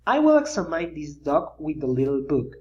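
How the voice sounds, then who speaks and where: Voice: medium pitch, very animated, normal speed, mellow, highs cut off, close to an everyday voice. A reader doing Missus Wimpledimple, a fussy storybook teacher. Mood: puzzled. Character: helpful fussy female teacher.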